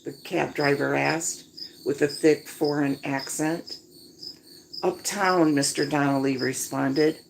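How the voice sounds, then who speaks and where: A woman's voice: low-pitched, level tone, unhurried, creaky, a little hiss or hum, rough recording. A woman reading a story aloud outdoors at night and chatting casually to listeners between passages. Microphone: phone propped on a chair. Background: crickets and insects.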